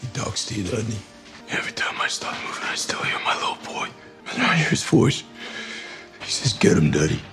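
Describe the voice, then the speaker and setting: An actor playing a gruff, grieving male vigilante in a TV drama, gravelly and swearing. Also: on the low side, very animated, fairly quick, bright, forceful tone, echoey room, faint music behind. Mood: grim. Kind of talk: TV drama acting.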